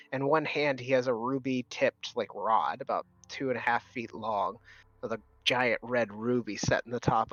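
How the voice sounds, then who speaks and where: Relaxed male game master, lo-fi sound. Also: mid-range voice, dry recording. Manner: relaxed, hedging with fillers. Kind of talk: narrating a tabletop game.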